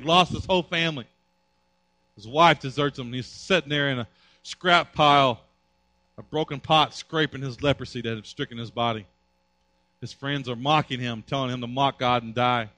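A man's voice: mid-range voice, sharp tone, dry recording. A male pastor preaching a sermon in an emphatic, repetitive style.

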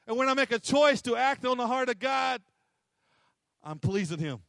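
A man's voice: very high voice, expressive, normal speed, gravelly, fairly bright tone, dry recording, clean studio sound. A man preaching a sermon, emphatic and repetitive, acting out little quotes. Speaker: pastor.

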